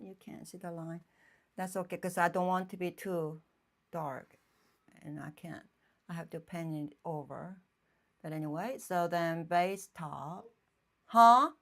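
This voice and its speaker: A woman painter chatting casually on a live stream from her home painting room, thinking aloud in halting phrases and often checking in with her viewers. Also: low voice, vocal fry. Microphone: phone streaming live.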